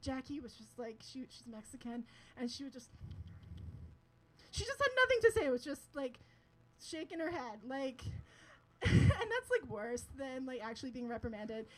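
A woman's voice: high-pitched, sing-song, moderate pace, slight background noise, rough recording. A young woman telling a personal story to an audience, chatty and laughing often, with lots of filler words.

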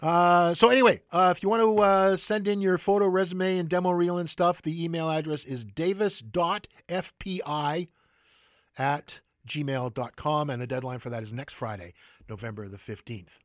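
A man hosting theater announcements, stumbling through with fillers and self-corrections. His voice sits a little high, and it is recorded close to the mic, dry and without room sound. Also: normal speed, no echo. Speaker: theater news host. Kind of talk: casual radio announcements.

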